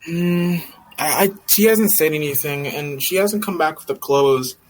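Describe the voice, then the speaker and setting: A man's voice: a little high, a little slow. A man playing a tabletop game, casually describing what his character does and joking along. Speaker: player. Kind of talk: casual tabletop role-play.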